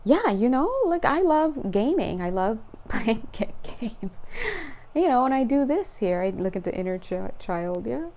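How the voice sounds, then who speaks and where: A young woman hosting a casual card-reading video, chatty and rambling, laughing often and getting excited as she talks. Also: fairly high pitch, measured pace. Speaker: spiritual card reader.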